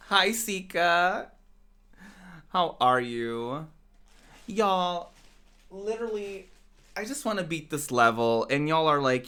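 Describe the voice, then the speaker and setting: A man's voice: fairly high pitch, expressive, slow, long pauses, sharp tone, smooth. A male game streamer chatting casually and playfully with his viewers, teasing them and laughing often.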